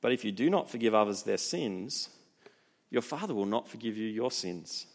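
Animated preacher man. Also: lowish voice, moderate pace, creaky. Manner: animated, informal, asks rhetorical questions. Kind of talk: conversational sermon.

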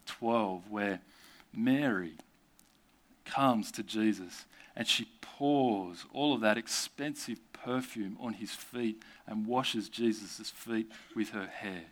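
A man's voice: fairly low pitch, a little slow. A man giving a sermon, posing rhetorical questions and tossing in conversational asides. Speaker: preacher.

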